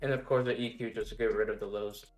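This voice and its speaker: A man's voice: on the low side, quick pace. Man explaining beats in a roomy space. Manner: relaxed step-by-step explaining with fillers. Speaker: music production tutor. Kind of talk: casual screen-recorded tutorial. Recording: roomy echo. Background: faint music playing.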